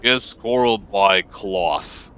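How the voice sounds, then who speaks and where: Odd shaky merchant, slow flat ticking speech, man reading. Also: fairly low pitch, smooth, voice pushed down, full character voice. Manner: slow, flat, measured, talks of himself by name. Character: trembling scarred male cloth merchant, odd.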